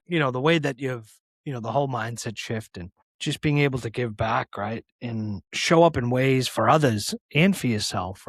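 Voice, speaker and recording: A man's voice: mid-range voice, dry recording. A man in his forties from the Boston area, hosting a podcast and telling a personal story in an earnest, chatty way, often checking in with "right?". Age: 40s. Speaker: podcast host. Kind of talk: casual conversational chat.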